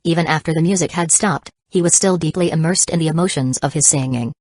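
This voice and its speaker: A woman reads a dramatic novel aloud as an audiobook narrator. Her voice sits low and the recording is dry and close, with no room sound. She keeps a steady, even narrating pace. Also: fast, breathy edge, no echo. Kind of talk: scripted narration.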